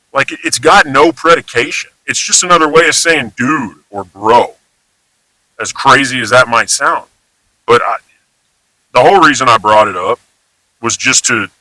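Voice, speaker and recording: A man's voice: mid-range voice, sharp tone, no room sound, low-quality recording. A man from Houston with a Texan accent, talking in an emphatic, rambling, casually profane monologue. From Houston, Texas. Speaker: vlogger.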